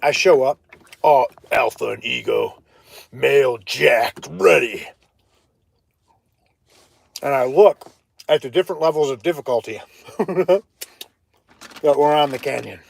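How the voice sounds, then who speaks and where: A man from Ohio telling a hiking story on a casual live stream, chatty and animated, breaking off to greet viewers. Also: medium pitch, slow pace, vocal fry, pauses often. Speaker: livestreaming vlogger.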